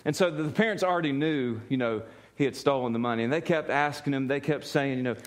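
A man preaching a sermon, telling a story in an animated way, often laughing and repeating words as he goes. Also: mid-range voice, fast. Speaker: pastor.

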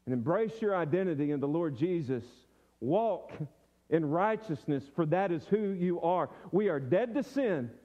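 Earnest high-voiced male preacher. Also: dull audio. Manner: earnest preaching with repeated phrases and restarts. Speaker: pastor. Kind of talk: sermon.

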